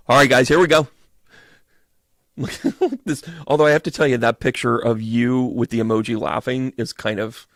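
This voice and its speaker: Gravelly-voiced man reading tarot live. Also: medium pitch, dry recording, studio quality. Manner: animated and profane, acting out quick voices. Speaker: medium doing tarot readings. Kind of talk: live-stream tarot reading, chatting with viewers.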